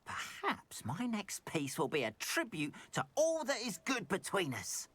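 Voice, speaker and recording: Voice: medium pitch, unhurried, slightly rough, no echo, heavily acted. An actor voicing a grateful male goblin merchant and painter, effusive and earnest. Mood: grateful, eager. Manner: effusive, earnest, lively swoops.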